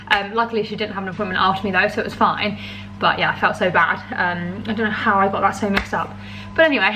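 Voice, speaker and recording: A woman's voice: fairly high pitch, fairly bright tone. A young British woman chatting casually to the camera in her home, rambling with lots of ums and likes and frequent little laughs. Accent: British English. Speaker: vlogger.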